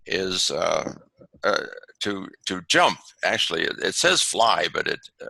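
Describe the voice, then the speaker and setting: Gravelly guy teaching over a video call, lots of ums, bright edgy tone, lively pitch. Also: no room sound, rough recording. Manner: halting, many fillers and restarts. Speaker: webinar presenter on haiku. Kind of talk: lecturing over slides.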